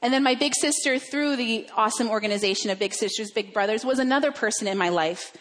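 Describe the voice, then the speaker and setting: A woman delivering a sermon in an earnest, measured way, often repeating phrases for emphasis. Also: a little high, big-room sound. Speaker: preacher.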